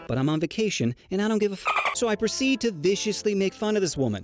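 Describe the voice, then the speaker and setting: A young man narrating a comic story in a cocky, mocking, deadpan way. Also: sits high, fast. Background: faint music.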